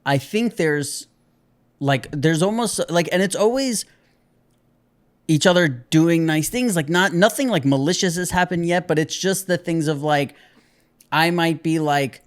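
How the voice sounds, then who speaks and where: A man's voice: fairly high pitch, a little slow. A man co-hosting a podcast, chatting casually and rambling through a story about his relationship. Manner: rambling, retells arguments with acted quotes. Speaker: podcast co-host. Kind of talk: casual chat.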